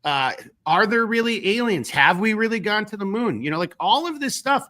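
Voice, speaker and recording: A man's voice: high-pitched, animated, moderate pace, sharp tone. A man with a Minnesotan accent hosting a casual political podcast, rambling with many restarts and casual swearing. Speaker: podcast host.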